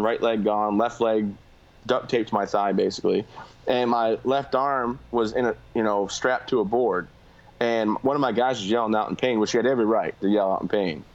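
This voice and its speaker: A man's voice: medium pitch, muffled recording. A man, a combat veteran guest, telling his story candidly in a plain-spoken way. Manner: fast, plain-spoken, filler-heavy.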